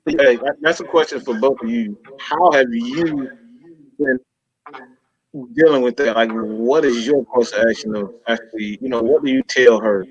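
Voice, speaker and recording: Man, podcast host, animated, probing questions, muffled lo-fi audio. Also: medium pitch. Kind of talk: casual chat. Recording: dull lo-fi recording.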